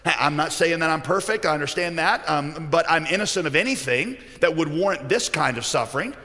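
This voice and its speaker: A preacher playing exasperated, suffering Job. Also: male voice, a little high, expressive, a little fast, sharp tone, big-room sound. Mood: defensive. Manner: exasperated, pleading.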